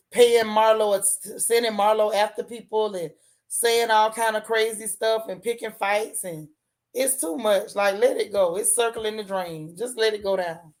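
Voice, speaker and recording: A woman hosting a casual gossip livestream, chatting with viewers in a sassy way and repeating lines for emphasis. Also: medium pitch. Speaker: host of a gossip and TV recap livestream.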